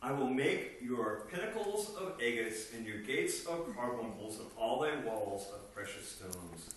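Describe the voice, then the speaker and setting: A man preaching a sermon, animated and rising to emphatic bursts. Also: mid-range voice, measured pace. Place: meeting hall. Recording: echoey room from far off with faint noise.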